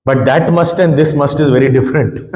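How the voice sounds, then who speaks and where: A man's voice: fairly high pitch, steady tone, brisk, darkish tone, long reverb tail, low-quality recording. Man giving a chuckling scripture talk. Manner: conversational, repeats words, chuckles often. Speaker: spiritual teacher. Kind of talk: scripture discourse.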